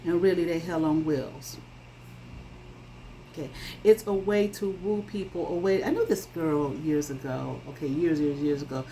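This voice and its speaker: A woman with a fairly low voice gives a spoken tarot reading. She is emphatic and blunt, swears freely, and keeps stopping to ask "okay?". A faint hiss sits under her voice. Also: normal speed, warm tone, low-quality recording. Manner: emphatic, checks in with frequent "okay?". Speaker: tarot reader.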